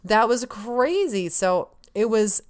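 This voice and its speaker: A woman vlogger telling a story in a casual, excitable, rambling way, full of fillers and acted-out lines of her own. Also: a little high, slow pace.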